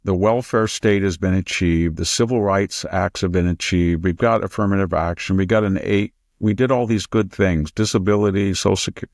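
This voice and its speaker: An older American man with a low, gravelly voice talks politics as a show host. He argues emphatically, leaps up in pitch to mock others' words, and the sound is close and dry. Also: a little mellow, dry recording. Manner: emphatic, mocking quotes in a raised voice. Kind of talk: political commentary conversation.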